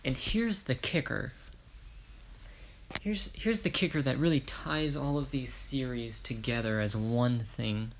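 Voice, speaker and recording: A man's voice: mid-range voice, a little slow, slight background noise. A man from Ireland casually retelling a fan story, rambling with self-corrections and jokey asides.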